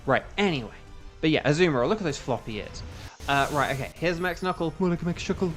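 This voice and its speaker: A man's voice: on the high side, expressive, fast, a bit bright, soft background music. Chatty English man streaming a game. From England. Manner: chatty, rambling, hums to himself while playing. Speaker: gaming streamer. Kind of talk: casual live-stream chat.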